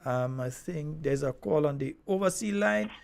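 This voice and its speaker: A man with a Grenadian accent hosting a call-in radio show, telling stories with lively, easy laughter. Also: on the high side, normal speed, vocal fry. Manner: lively storyteller, laughs easily.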